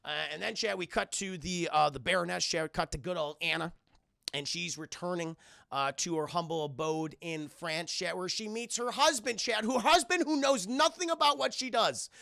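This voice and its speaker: A man recapping a film for a live chat in an excitable, swearing, casual way on a desktop mic. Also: sits high, moderate pace, creaky, no echo, studio quality. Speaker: film reviewer streaming to chat.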